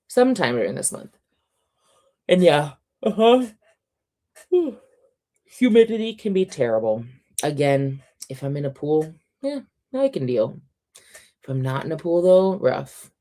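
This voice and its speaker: Chatty woman host on a reading stream, low warm voice, kinda scratchy and sore. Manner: chatty, reads out chat comments, laughs often. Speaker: reading sprint livestream host. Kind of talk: casual livestream chat.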